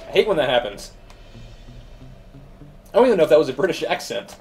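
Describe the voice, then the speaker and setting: A man's voice: fairly high pitch, sing-song, fairly quick, pauses often, a little mellow. Casual gamer host, man, talking himself through each jump over faint game music. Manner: chatty, thinks aloud. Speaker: let's play host. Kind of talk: gameplay commentary.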